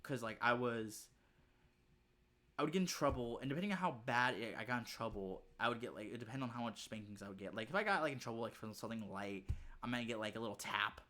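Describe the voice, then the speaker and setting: A man's voice: mid-range voice, fast talker, sharp tone. A man hosting a reaction video, talking in a casual, rambling way, repeating himself and swearing freely.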